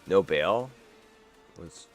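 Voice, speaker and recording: A man's voice: deep voice, lively intonation, extremely slow, soft background music. A man hosting a live stream, reacting to news in a rambling, wisecracking way and swearing freely. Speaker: streamer host.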